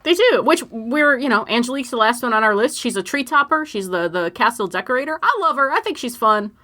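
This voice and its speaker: A young woman co-hosting a podcast, her bright voice slightly high and swinging widely in pitch. She chats loosely, laughing often and filling pauses with ums and likes. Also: expressive. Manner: laughing, chatty, lots of fillers. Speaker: podcast co-host. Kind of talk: casual chat.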